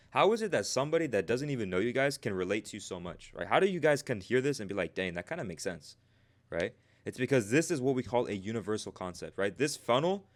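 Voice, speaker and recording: Casual man coaching viewers, asking "right?" constantly. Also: medium pitch. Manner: casual, repeats "right?" after nearly every point; talks straight to viewers and chat by name. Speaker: trading coach and streamer. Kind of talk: live stream coaching talk.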